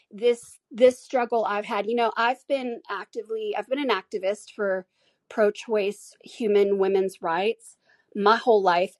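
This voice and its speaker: A woman's voice: a little high, dry recording. A woman hosting a solo podcast, speaking candidly and emotionally with frequent restarts. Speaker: podcast host.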